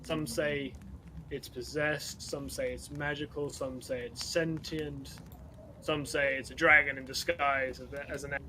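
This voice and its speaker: A man's voice: on the high side, fairly even intonation, measured pace, sharp tone, slight background noise, low-quality recording. A man putting on a swaggering female orc brawler. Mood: boastful. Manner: swaggering, teasing. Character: boastful hard-drinking female orc brawler.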